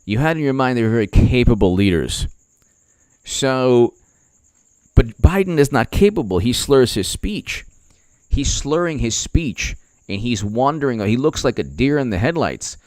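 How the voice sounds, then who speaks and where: A man's voice: medium pitch, expressive, measured pace, darkish tone, no echo. A man hosting casual political commentary, rambling with many fillers and slipping into mocking impressions.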